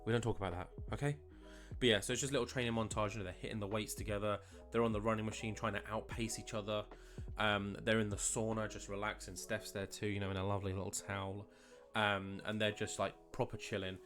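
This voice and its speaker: Low-voiced man, laid-back let's-play narrator, faint guitar bed underneath. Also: little pitch movement, fast, a bit bright. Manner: chatty, rambling, many fillers. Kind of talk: casual game commentary. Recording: faint guitar music behind.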